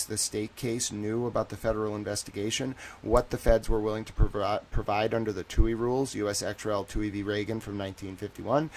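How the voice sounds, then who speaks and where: A man hosting a casual livestream, slowly reading legal citations and breaking off into jokey asides to his chat. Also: on the low side, a little mellow, slight background noise. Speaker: livestream host.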